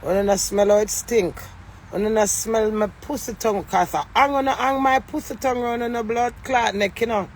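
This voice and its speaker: Middle-aged Jamaican woman, gravelly and defiant, swears freely in a loose, emotional vlog monologue. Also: on the high side, fairly even intonation, normal speed, a little hiss or hum. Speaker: vlogger.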